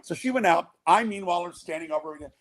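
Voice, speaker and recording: An older man with a notably high speaking voice tells a rambling podcast story. He acts out each quoted line as he goes. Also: quick pace. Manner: animated storyteller acting out quotes. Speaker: guest, father of the groom.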